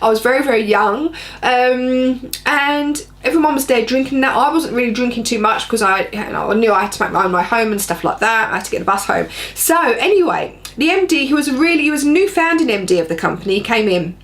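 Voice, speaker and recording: A woman's voice: fairly high pitch, animated, brisk, fairly bright tone. A woman, telling a personal story to camera in a blunt, chatty, rambling way. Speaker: vlogger.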